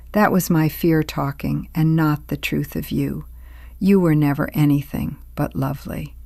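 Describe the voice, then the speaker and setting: An older woman telling her own story in scripted first-person narration, slow and reflective, sometimes sinking to a near whisper. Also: low voice, darkish tone, no room sound, studio quality.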